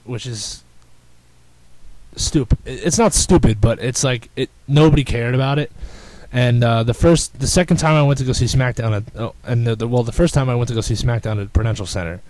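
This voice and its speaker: Rambling, excitable podcast guy. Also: medium pitch, no echo, rough recording. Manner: rambling, excitable, many restarts. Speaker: podcast host. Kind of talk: casual chat.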